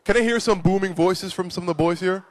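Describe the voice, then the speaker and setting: A man teaching children at a live conference session, animated and playful, praising his young volunteers. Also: high voice, quick pace. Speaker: children's ministry speaker.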